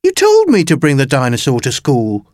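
A man voicing an earnest, innocent young boy in a high, eager voice. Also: huge pitch swings, moderate pace, a little mellow, no echo, studio quality. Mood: pleading.

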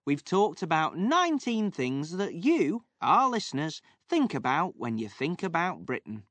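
A man's voice: on the high side, sing-song, measured pace, a bit bright, dry recording. A man co-hosting a podcast in scripted casual chat, friendly and welcoming. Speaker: podcast co-host.

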